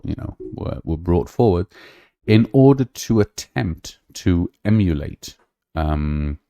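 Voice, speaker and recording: A man's voice: a bass voice, dark tone, dry recording, studio quality. A man hosting a podcast, talking casually and rambling with many fillers and restarts. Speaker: podcast host. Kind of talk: casual livestream talk.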